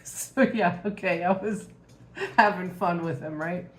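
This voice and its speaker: A woman's voice: fairly low pitch, a little slow. A woman vlogger casually telling stories from home, laughing often and acting out the voices of people she quotes. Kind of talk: casual storytelling vlog. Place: her home. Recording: roomy echo.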